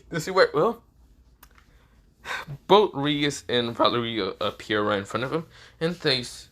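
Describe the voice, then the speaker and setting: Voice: medium pitch, expressive, a little fast, a bit bright. Rambling, filler-heavy story narrator. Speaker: fan-fiction narrator. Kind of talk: casual story retelling.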